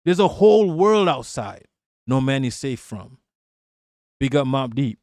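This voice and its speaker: A man's voice: mid-range voice, big pitch swings, measured pace, pauses often, darkish tone, no echo, studio quality. A man streaming live, talking straight to his chat in a blunt, rambling, profane manner and laughing often between remarks. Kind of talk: live-stream political commentary.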